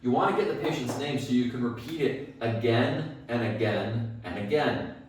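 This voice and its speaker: A man's voice: lowish voice, a little mellow, distant mic. A man teaching dental staff phone skills, emphatic, asking and answering his own questions. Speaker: dental practice phone coach. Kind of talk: instructional talk. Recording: very echoey room, set back from the mic.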